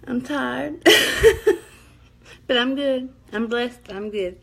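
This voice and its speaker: A woman's voice: a little high, takes it slowly, creaky, a bit bright, husky. Chatty woman live-streaming. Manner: chatty, rambling, laughs often. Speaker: livestream host. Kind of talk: casual live chat and storytelling.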